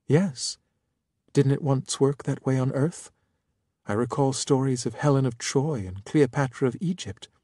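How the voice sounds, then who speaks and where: Man voicing the gentle Canatic. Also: mid-range voice, a little slow, dry recording, studio quality, natural voice. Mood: earnest. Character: alien female ruler, gentle, innocent-seeming, thirties.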